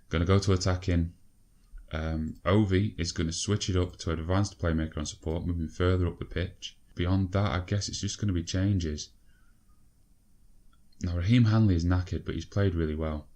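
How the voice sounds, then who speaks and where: Very low-voiced man commentating his game. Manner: excitable, swearing, talks to his players. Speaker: gaming video creator.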